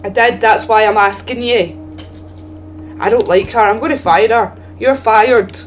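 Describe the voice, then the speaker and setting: A woman's voice: mid-range voice, moderate pace, a little hiss or hum. A woman doing chatty, giggly, self-mocking commentary while streaming a game. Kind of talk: playful let's-play commentary.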